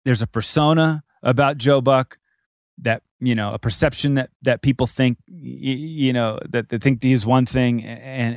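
A man co-hosting a podcast in casual chat, animated and laughing often, repeating words as he gets going. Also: mid-range voice, no echo, studio quality. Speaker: podcast co-host.

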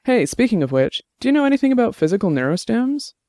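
A man's voice: extremely high pitch, sing-song, quick pace, warm tone, dry recording, clean studio sound, pitched above the performer's own voice. A man voicing a wry, casual detective in an audiobook.

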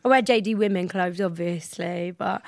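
A woman's voice: lowish voice, moderate pace, dry recording. A woman in her twenties with a London accent, a podcast guest chatting casually and mocking herself. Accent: London English. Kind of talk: casual chat.

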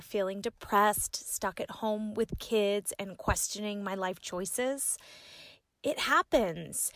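A woman's voice: medium pitch, fairly bright tone, dry recording, poor audio. Woman reading a sponsor ad. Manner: conversational, addresses listeners directly. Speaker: podcast host reading an ad. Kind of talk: sponsor read.

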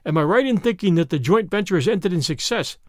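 A man voicing a composed older lawyer who speaks in a dry, measured way in an audiobook reading. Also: high-pitched, animated, darkish tone, dry recording.

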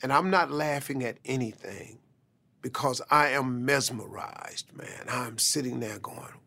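A man, a comedian, telling a motivational personal story in animated, colloquial speech. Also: mid-range voice, a little slow, vocal fry. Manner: animated, conversational with colloquial phrasing.

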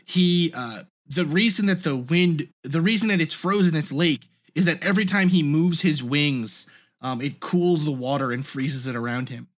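A podcast co-host leading a casual discussion, laying out each point in an explanatory way. The speaker fills pauses with "um" and keeps returning to "now, what's interesting." The voice has a middle pitch.

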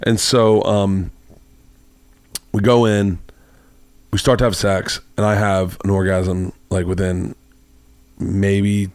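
A man's voice: on the low side, flat delivery, slow, long pauses, darkish tone, dry recording. A man hosting a podcast, telling a long rambling anecdote in casual chat and acting out the quoted lines. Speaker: podcast host. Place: home studio.

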